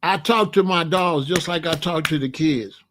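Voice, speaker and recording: A man in his sixties telling stories in a casual, animated way, full of street slang and "you know what I'm saying.". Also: on the high side, moderate pace, noisy background. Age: 60s. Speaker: channel host. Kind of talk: casual storytelling monologue.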